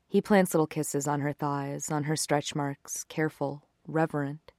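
A woman reading a romance story aloud in an intimate, unhurried way, close to the microphone. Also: low-pitched, level tone, a little mellow, dry recording. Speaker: narrator.

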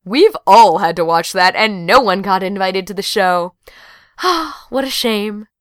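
A woman's voice: medium pitch, moderate pace, a bit bright, clean tone, no room sound, clean studio sound, natural voice. A woman voicing a sly, gossipy young woman who talks in a conspiratorial way. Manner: conspiratorial, mock-sighing.

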